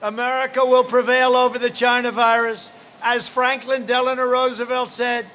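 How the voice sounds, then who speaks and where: A man's voice: extremely high pitch, pushed and bright, slight background noise. A man giving a blunt, boastful rally speech, heard in a played clip. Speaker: politician at a rally.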